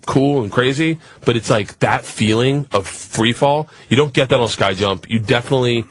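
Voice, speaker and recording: A husky-voiced man spins a rowdy, profanity-laced story on a radio talk show. He talks at a middle pitch and jumps into the voices of the people in his tale. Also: moderate pace. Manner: animated, profane, acts out voices in his stories.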